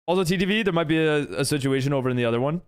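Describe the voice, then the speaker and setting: A man's voice: fairly high pitch, very fast, clean tone. An American man chatting casually on a live game stream, reading and answering his chat as he builds. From United States.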